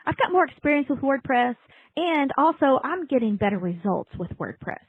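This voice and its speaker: A woman's voice: high-pitched, very animated, normal speed, no echo. A woman co-hosting a podcast, chatting casually and emphatically. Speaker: podcast co-host. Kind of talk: casual chat. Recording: dry, phone-like sound.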